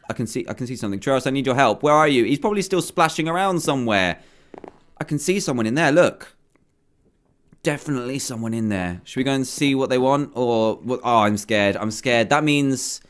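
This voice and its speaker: A man giving excitable, chatty commentary over his own gameplay, with frequent exclamations. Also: mid-range voice. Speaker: gaming video host. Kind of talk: let's play commentary.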